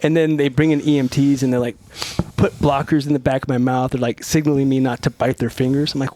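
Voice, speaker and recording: A middle-aged man from Northern California, guesting on a podcast, tells stories casually and animatedly, swearing and acting out the quotes. He has a mid-range voice and talks quickly with few pauses.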